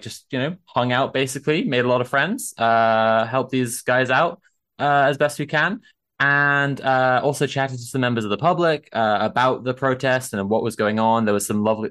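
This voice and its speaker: A young man telling an animated anecdote in casual conversation, with lots of fillers and swearing. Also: medium pitch. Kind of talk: casual chat, storytelling.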